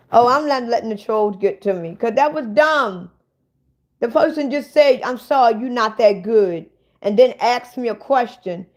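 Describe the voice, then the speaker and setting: A woman hosting a casual livestream, bluntly ranting and swearing at viewers in the chat. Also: fairly high pitch. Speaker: livestream host.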